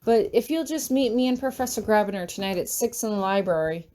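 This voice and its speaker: A woman's voice: mid-range voice, expressive, brisk, dark tone, close to an everyday voice. A woman voicing an earnest, anxious young female student who speaks urgently in an audiobook reading. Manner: urgent, pleading.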